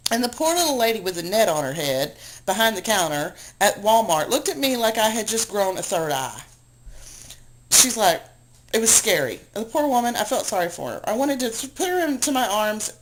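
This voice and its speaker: A woman's voice: mid-range voice, slight background noise, rough recording. Worn-out woman venting to her camera. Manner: rambling, self-deprecating, exasperated. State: worn out and low after crying. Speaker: video blogger. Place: at home. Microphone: handheld camera she aims at herself.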